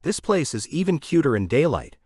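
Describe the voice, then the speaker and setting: A man's voice: fairly high pitch, very animated, fairly quick, breathy edge, dry recording, studio quality, voice pushed up. A man reading an audiobook, voicing a cheerful, curious young woman. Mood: bright, curious. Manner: bright, eager. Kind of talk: audiobook character voice.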